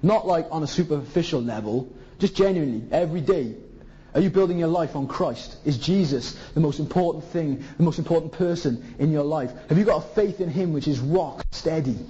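A man from Zimbabwe delivers an impassioned sermon and presses his listeners with question after question. His voice sits a little high but sounds warm and soft-edged. The recording is muffled and lo-fi. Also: brisk. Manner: impassioned, pleading rhetorical questions. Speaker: preacher. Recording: dull lo-fi recording.

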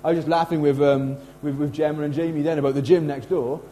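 A middle-aged man preaches in a chatty, animated way, often acting out quotes. His voice sits fairly high for a man but sounds mellow and soft-edged. A faint mains hum runs behind him. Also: fast talker, poor audio. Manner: casual, animated preaching with lively acted quotes. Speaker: pastor. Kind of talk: sermon.

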